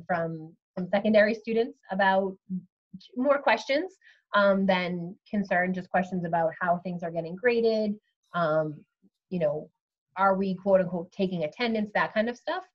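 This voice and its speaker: A woman school official, giving measured updates on a video call with many ums. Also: medium pitch, muffled recording. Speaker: school superintendent. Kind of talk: virtual meeting update.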